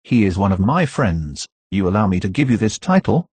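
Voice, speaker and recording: A man's voice: lowish voice, sing-song, a little fast, darkish tone, slightly rough, no room sound. A man reading a composed, mysterious nobleman. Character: commanding, enigmatic nobleman, the Count.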